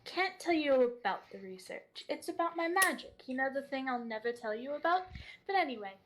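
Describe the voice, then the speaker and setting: A woman's voice: high voice, animated, fairly quick. Blunt woman playing her character. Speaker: player. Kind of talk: in-character tabletop role-play.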